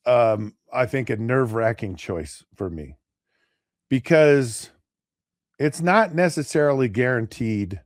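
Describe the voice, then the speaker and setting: A man co-hosting a casual sports talk show, rambling with many restarts and acting out players and pundits in quick asides. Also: medium pitch, no room sound, studio quality. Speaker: podcast co-host.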